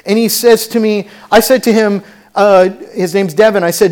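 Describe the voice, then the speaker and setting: A man's voice: high voice, fairly even intonation, normal speed, darkish tone. A man preaching a sermon as pastor to a church congregation, fervent and conversational with asides. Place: church sanctuary.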